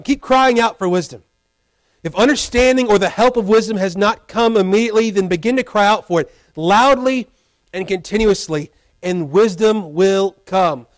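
A high-pitched man delivering a sermon from the pulpit, pressing his points by repeating them with growing force. The sound is close and dry, with little room echo. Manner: animated, repeats phrases for emphasis. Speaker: preacher. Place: church pulpit.

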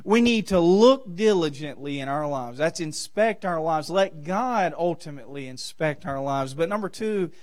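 Man, preacher, sermon, fairly high voice, swings between loud emphasis and soft asides. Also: expressive, moderate pace, hardly any pauses. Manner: preaching with rising and falling emphasis. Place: church.

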